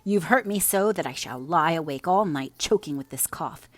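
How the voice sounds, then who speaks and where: A woman's voice: deep voice, expressive, moderate pace, no echo. A woman reading aloud, voicing a sickly, peevish teenage boy who whines with self-pity. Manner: whiny, self-pitying.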